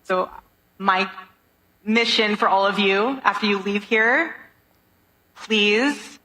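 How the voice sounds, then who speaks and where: A woman's voice: medium pitch, pushed and bright, slight background noise, poor audio. A woman giving a motivational speech to an audience, exhorting and preachy in tone.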